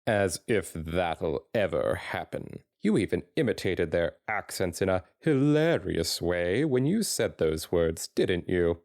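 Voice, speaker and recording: A man's voice: low-pitched, animated, slow, few pauses, a little mellow, no echo, full character voice. A man voicing a wealthy middle-aged stallion pony in a dramatic fanfiction reading, blunt and dryly sarcastic. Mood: mocking. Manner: dry and sarcastic. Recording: dry close sound.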